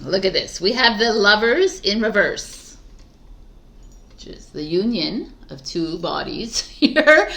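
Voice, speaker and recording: A woman's voice: fairly low pitch, sharp tone. A woman reading tarot cards for the viewer, musing and affirming, with giggly, rambling, self-mocking asides. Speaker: tarot reader. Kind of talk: tarot card reading to camera.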